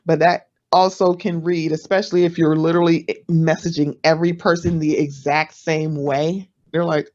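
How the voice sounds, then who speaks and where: A woman's voice: fairly even intonation, brisk, a little mellow. Chatty woman giving advice, lo-fi sound. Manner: chatty, acts out quoted voices with big pitch jumps. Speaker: panelist. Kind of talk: casual advice talk.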